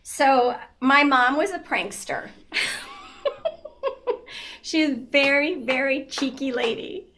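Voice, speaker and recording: A woman in her fifties chats as an interview guest with a bright, high voice. She tells stories with lots of energy, laughing often and filling her speech with "like" and "um". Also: slow, long pauses. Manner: animated storyteller, laughs often, many fillers. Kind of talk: casual interview chat.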